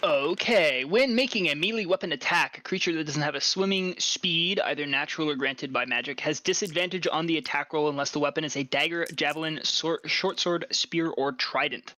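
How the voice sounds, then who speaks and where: A man running a tabletop game as dungeon master, casually reading rules aloud with halting restarts. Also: a little high, sharp tone, no echo.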